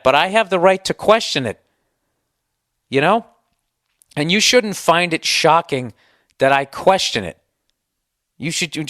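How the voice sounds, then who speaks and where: A sarcastic, foul-mouthed man from the United States, hosting a podcast and ranting with exasperation. His voice sits a bit high for a man. It is recorded close and dry, with no room sound. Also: a bit bright, dry recording. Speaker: podcast host. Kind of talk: comedic podcast rant.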